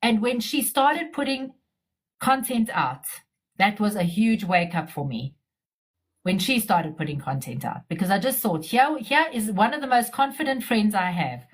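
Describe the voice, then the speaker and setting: A woman's voice: mid-range voice, moderate pace, breathy edge. Chatty woman telling her story. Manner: chatty, animated storytelling with frequent restarts. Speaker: community member sharing her story. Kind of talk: casual live-stream chat.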